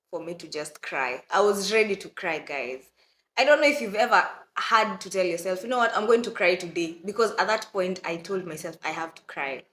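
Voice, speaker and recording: A young Kenyan woman with a Kenyan accent, telling a personal story to her viewers in a lively, casual way. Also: mid-range voice, reverberant. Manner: animated, addresses viewers as "guys", acts out quotes. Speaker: vlogger.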